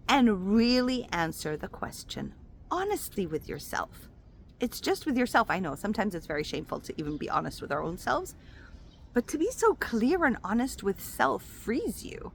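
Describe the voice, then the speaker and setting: A woman speaking as a spiritual coach and intuitive healer, giving a casual motivational talk to her viewers. She is expressive and affectionate, and calls the listener "my love.". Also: mid-range voice, normal speed, creaky, a little hiss or hum. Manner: animated and expressive, acts out quoted voices.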